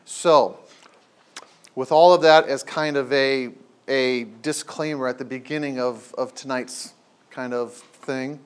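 A man's voice: mid-range voice, fairly even intonation, slow pace, smooth. A man teaching a small faith group in a meeting room, talking casually and hesitantly, with restarts.

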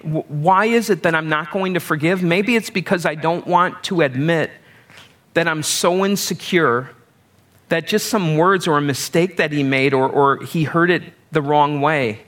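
A man's voice: a little high, fairly bright tone. A middle-aged male pastor giving a conversational sermon, with self-deprecating humor and everyday examples.

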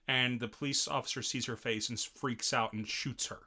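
A man's voice: medium pitch, fairly even intonation, brisk, pushed and bright. A man in casual chat, summarizing a story and backing his co-host with frequent murmured agreement. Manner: frequent "mm-hmm" backchannels, summarizing. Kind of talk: casual chat recapping an anime.

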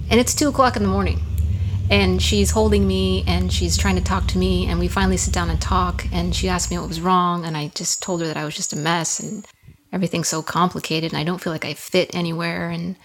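A woman's voice: lowish voice, slight background noise. A young woman on a podcast as a guest, telling a personal story in an earnest, candid way and often repeating her words.

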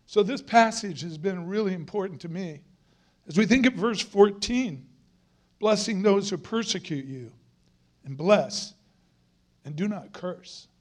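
Male guest preacher, middle-aged, fairly high voice, earnest emphatic sermon delivery with repeated lines. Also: expressive, a little slow, pauses often.

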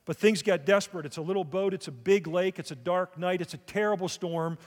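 High-voiced man preaching in a reverberant hall. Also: a little fast. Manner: preaching with rhetorical questions to the congregation. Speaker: pastor. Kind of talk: sermon. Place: church.

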